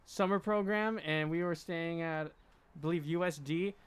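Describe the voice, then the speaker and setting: A man's voice: a little high, normal speed, clean tone. A young man co-hosting a podcast, asking questions casually and laughing often. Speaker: podcast co-host. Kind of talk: casual chat.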